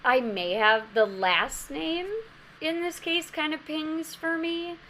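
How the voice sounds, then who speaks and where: A woman's voice: high voice, slow, a little hiss or hum. A woman co-hosting a podcast, telling stories in casual chat and laughing often. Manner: animated storyteller, laughs often. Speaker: podcast co-host.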